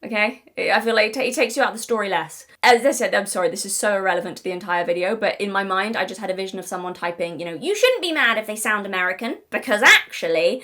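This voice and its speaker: Speaking with a medium pitch and a fairly bright tone, a young British woman offers chatty, digressive commentary to camera as a video essayist. Frequent apologies punctuate her talk, along with moments of emphatic exasperation.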